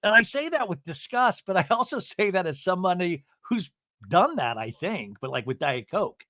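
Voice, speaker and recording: A man's voice: high-pitched, moderate pace, no echo, clean studio sound. A man hosting a podcast, recapping a reality show in a casual, comic way, acting out the cast's lines and swearing freely. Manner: animated, swears, acts out cast members' lines. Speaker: podcast host.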